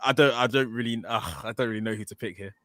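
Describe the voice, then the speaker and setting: A man from the UK, chatting casually as a podcast co-host, animated, with frequent ums. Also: medium pitch, quick pace, dry recording. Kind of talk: casual chat.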